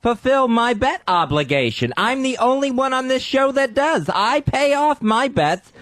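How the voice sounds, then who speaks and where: A man's voice: very high-pitched, very animated, unhurried, fairly bright tone, no echo. A man and radio show regular, cocky and playful in casual on-air banter. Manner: cocky, playful, laughs often.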